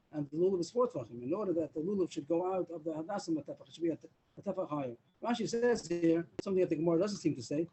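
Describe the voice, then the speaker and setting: A man's voice: fairly high pitch, dark tone, slight background noise, poor audio. A man teaching a daily Talmud class over a video call, explaining step by step and mixing in Hebrew and Aramaic terms.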